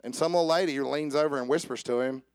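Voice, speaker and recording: A man preaching a sermon. He jokes with the congregation and swings from soft asides to raised calls. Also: mid-range voice, fast, clear, resonant tone, no room sound, studio quality. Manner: joking with the congregation. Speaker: pastor. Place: church service with instrument behind.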